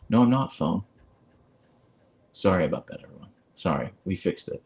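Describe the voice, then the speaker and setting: His voice is deep, expressive and a little mellow, delivered at an ordinary pace. The man is running a relaxed phone livestream, reading viewers' comments aloud and chatting, captured through a clip-on microphone.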